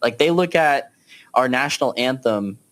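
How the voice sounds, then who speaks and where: A man's voice: mid-range voice, lively intonation, moderate pace, a bit bright. A man hosting a podcast, leading a casual political discussion with frequent fillers. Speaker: podcast host.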